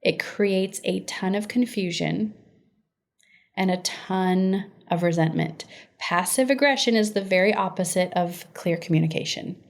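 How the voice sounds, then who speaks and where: A woman's voice: medium pitch, measured pace, creaky. A woman hosting a teaching podcast, talking emphatically and conversationally and addressing her listeners directly. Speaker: podcast host and inner-healing practitioner.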